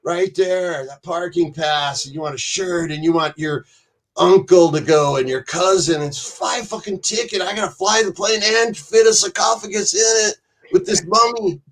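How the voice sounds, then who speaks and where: A man's voice: sits high, moderate pace, close to an everyday voice. A man imitating a middle-aged male rock frontman giving a blunt, profane mock speech from the stage. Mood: emphatic.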